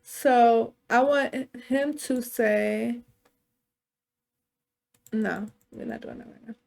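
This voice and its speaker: Casual woman game narrator, chatty, high and gravelly voice. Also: fairly even intonation, drawn-out words, darkish tone. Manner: chatty, swears, addresses viewers. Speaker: gameplay narrator.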